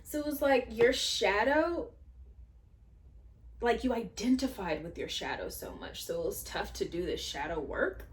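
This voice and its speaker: A woman's voice: a little high, big pitch swings, normal speed, slight background noise. A woman chatting her way through a tarot reading, thinking aloud with many fillers and asides. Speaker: tarot reader. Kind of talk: casual spiritual tarot reading.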